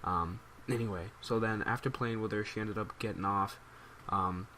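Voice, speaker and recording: A man's voice: on the low side, steady tone, normal speed, bright, forceful tone, slight background noise. A man telling a rambling, amused story as casual commentary for his gaming channel. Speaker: gaming YouTuber.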